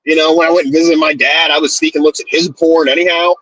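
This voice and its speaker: A man with a slightly husky, somewhat high voice talks in easygoing co-host banter. He swears casually and laughs readily, keeping the chat relaxed. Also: quick pace, poor audio. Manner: laid-back, swears freely, laughs often. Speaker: podcast co-host. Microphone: streaming setup.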